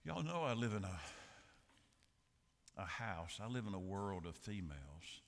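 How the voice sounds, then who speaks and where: A man's voice: sits low, big pitch swings, a little slow, gravelly, in a large hall. A man preaching a sermon as pastor, joking and telling stories in a folksy way. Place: large church sanctuary.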